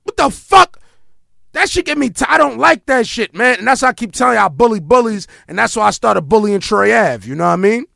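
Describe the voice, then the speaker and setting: A man's voice: high-pitched, a little fast, vocal fry, no room sound, studio quality. A man telling stories in a casual podcast conversation, emphatic and full of profanity. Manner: animated, profane, emphatic storytelling. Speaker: podcast guest.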